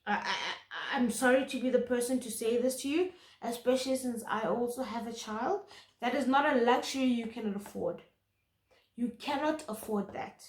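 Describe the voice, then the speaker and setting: A woman's voice: a little high, moderate pace, roomy sound. A woman giving an intuitive tarot reading to camera, earnest and emphatic, often repeating words for stress. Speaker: tarot reader.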